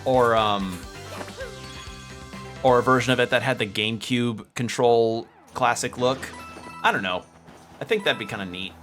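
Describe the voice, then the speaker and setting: A man's voice: medium pitch, normal speed, long pauses, fairly bright tone. A man streaming a video game, chatting casually and rambling, swearing now and then. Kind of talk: casual gameplay commentary. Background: game music.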